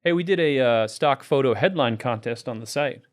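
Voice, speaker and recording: A man's voice: medium pitch, expressive, moderate pace. Upbeat male podcast host. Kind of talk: casual chat.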